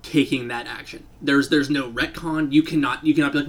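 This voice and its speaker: A man's voice: medium pitch, fairly even intonation, brisk, fairly bright tone. A man explaining how he runs his games, emphatic and repeating himself as he goes. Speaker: game master. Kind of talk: casual podcast chat.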